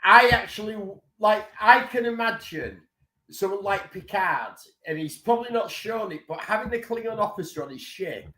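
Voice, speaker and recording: A man co-hosting a podcast, chiming in with short interjections during casual chat. His voice is high, bright and lively, and it echoes in the room with faint noise underneath. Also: normal speed. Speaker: podcast co-host.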